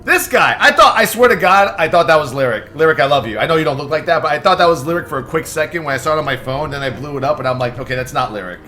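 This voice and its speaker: A young man hosting a live stream, stressed and excitable, swearing and thanking subscribers in quick bursts. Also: on the high side, soft background music. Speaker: livestream host. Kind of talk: live reaction stream chatter.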